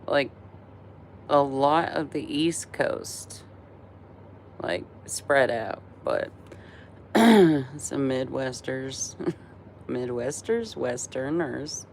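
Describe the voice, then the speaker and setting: Tired woman in her 40s, live-stream host, slow and gravelly, rambling chat full of laughs. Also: very deep voice, lively intonation, a little hiss or hum. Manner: chatty, rambling, laughs often. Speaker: livestream host.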